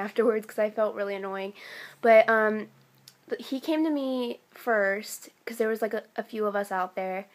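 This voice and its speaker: A teenage girl from the United States telling a casual vlog story, chatty and excitable, full of "like" and "um". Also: medium pitch. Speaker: vlogger.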